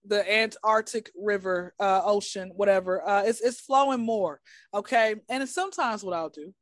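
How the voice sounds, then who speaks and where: A woman's voice: mid-range voice, normal speed, no echo, studio quality. A woman, a podcast guest telling a casual, comedic story. She talks bluntly and teasingly, rambling off on tangents. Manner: rambling, digressive, keeps saying back to the story.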